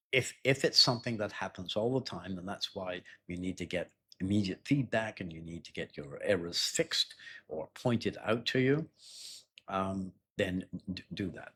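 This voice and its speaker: A man teaching an exam-prep lesson in a loose, conversational way, often clearing his throat and repeating words. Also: low-pitched, a bit bright, a little hiss or hum. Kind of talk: explanatory spoken lesson.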